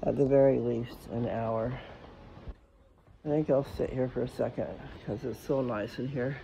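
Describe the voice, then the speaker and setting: Brief: man of average pitch, unscripted home vlogger, wanders off topic, chats straight to his audience. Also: steady tone, moderate pace, creaky, warm tone, slight background noise, low-quality recording. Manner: scattered, rambling, talks to viewers directly. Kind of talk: casual rambling vlog talk. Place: indoors at home, walking between rooms.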